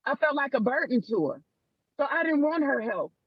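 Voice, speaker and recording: A man with an unusually high voice gives an earnest testimony on a group call, slipping into quoted family dialogue as he goes. The audio is dull and muffled, and it sounds close and dry. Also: very animated, normal speed, no room sound. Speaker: call participant.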